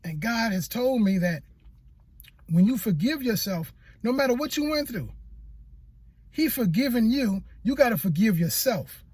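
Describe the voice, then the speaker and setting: A man's voice: extremely high pitch, expressive, unhurried, pauses often, darkish tone, breathy edge, no room sound. A motivational speaker sharing a personal testimony in an earnest, repetitive way, stammering when he gets emotional. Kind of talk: personal testimony talk to camera.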